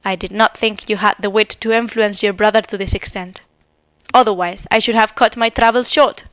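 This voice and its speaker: A woman narrator puts on a proud man with a fiery temper, reined in to cold, cutting words. The voice stays smooth and close, in a dry sound. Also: medium pitch, fairly even intonation, normal speed, fairly bright tone, no echo, close to an everyday voice. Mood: controlled.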